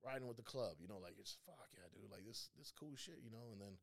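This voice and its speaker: A man's voice: lowish voice, lively intonation, fast talker, gravelly, a bit bright. A young man, a podcast guest, talking in a laid-back, casual way and swearing freely. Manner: laid-back, swears a lot, says dude often. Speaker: podcast guest, combat veteran. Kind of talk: casual chat.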